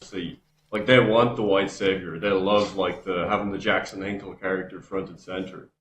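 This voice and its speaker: A man chatting casually on a stream, halting and full of fillers. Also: sits low, steady tone, a bit bright, slight background noise, poor audio. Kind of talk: casual chat.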